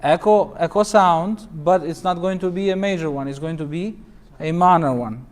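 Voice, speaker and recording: A male imam with a high, clear, resonant voice leads a recitation class. He explains each rule patiently, repeats the verses, and asks his students for examples. He often slips into a melodic chant. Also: normal speed. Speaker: imam teaching Quran recitation. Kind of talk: classroom teaching.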